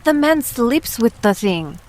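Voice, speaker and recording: A woman player chatting in a tabletop game, quick and questioning. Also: a little high, very animated, a little mellow. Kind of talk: casual tabletop game chat.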